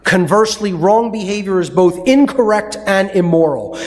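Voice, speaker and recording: A man giving a measured, explanatory lecture on right and wrong behavior, heard in a played clip. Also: sits high, lively intonation, darkish tone, soft background music. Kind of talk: lecture on ethics. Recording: long hall reverb on a played clip.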